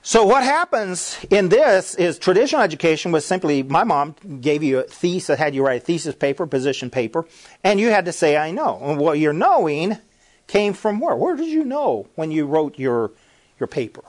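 A man's voice: on the high side, big pitch swings, moderate pace. A man preaching an emphatic sermon-style talk, firing rhetorical questions and repeating phrases as he presses each point.

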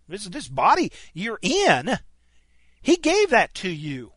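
Emphatic male preacher, lively high voice. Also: slow pace, breathy edge, no echo. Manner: emphatic, frequent stammered restarts. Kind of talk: sermon.

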